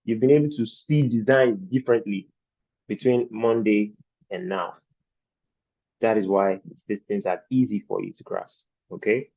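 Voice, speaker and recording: A man lectures an online design class in a low, mellow voice, taking his time over each point. He keeps posing rhetorical questions to the learners. The sound is dry and dull, like low-fidelity call audio. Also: steady tone, normal speed, creaky, no room sound. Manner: explains patiently with rhetorical questions. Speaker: design instructor. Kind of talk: virtual training lecture.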